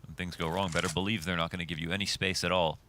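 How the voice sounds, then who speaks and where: Low-voiced guy doing esports analysis, bright and punchy, chatty, explains every angle. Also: level tone, very fast, a little hiss or hum. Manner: chatty, explains tactics at length. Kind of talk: colour commentary.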